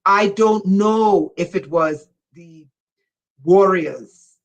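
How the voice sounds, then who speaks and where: Speaking very slowly at a medium pitch, a woman spiritual teacher delivers an impassioned lecture, sometimes emphatic and loud. She repeatedly urges her audience to listen, and the highs are cut off in the recording.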